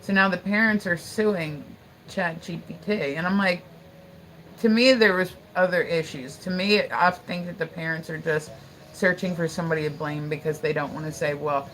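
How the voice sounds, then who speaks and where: Rambling low-voiced woman livestreamer. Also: normal speed, a bit bright, a little hiss or hum, low-quality recording. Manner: rambling, filler-heavy storytelling with frequent "like". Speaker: livestream host. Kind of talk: casual livestream chat.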